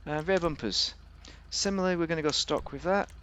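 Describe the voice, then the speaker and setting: A man's voice: fairly high pitch, brisk, fairly bright tone, clear, resonant tone. A man giving a casual, rambling, jokey commentary while reviewing a car in a video game.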